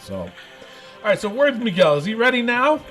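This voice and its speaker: A man hosting a casual podcast, excitable and laughing often, repeating himself as he talks. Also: very high-pitched, normal speed, soft background music, rough recording. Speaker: podcast host.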